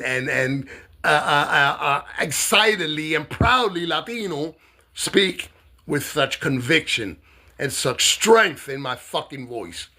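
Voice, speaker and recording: An American man delivers a fiery political rant into the camera, cursing freely. His pitch sits in an ordinary middle range. He jumps between raised, jabbing outbursts and hushed, tender asides. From United States. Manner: heated, profane, swings from shouting to soft. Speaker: self-styled presidential candidate.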